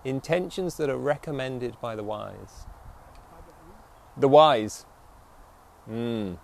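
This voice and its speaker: A man giving a reflective dharma talk as a meditation teacher, slowing to stress key phrases and often checking in with the listeners. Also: mid-range voice, gravelly, darkish tone.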